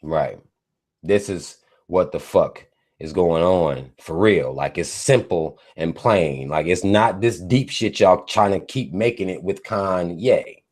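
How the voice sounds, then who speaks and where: A man's voice: low voice, slow, a little mellow. A man hosting a live stream, delivering a mocking, profane rant with heavy emphasis. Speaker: livestream host.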